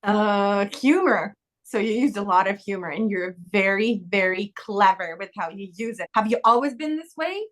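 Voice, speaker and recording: A woman's voice: medium pitch, moderate pace, fairly bright tone. A woman hosting an interview podcast, asking questions in an encouraging way and laughing often with her guest. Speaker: podcast host. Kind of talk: interview conversation.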